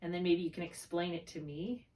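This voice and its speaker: A woman's voice: lowish voice, a little fast, mellow, far from the mic. A woman tutoring a student one on one, explaining spelling rules patiently step by step and checking often that it makes sense. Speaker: reading tutor.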